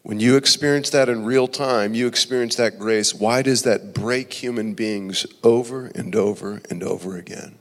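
A male pastor preaching a passionate sermon, swinging between loud emphasis and hushed, near-whispered phrases. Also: on the low side, normal speed, few pauses. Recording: long reverb of a large hall.

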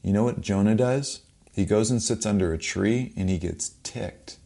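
A man's voice: on the low side, moderate pace, gravelly, warm tone. A man preaching a sermon with an emphatic, urgent, repetitive delivery.

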